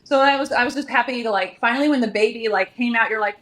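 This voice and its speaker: A woman's voice: fairly high pitch, quick pace. A young woman guest in a casual chat, telling a story candidly and acting out what others said. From Nebraska. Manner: candid, animated, acts out quoted voices. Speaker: podcast guest.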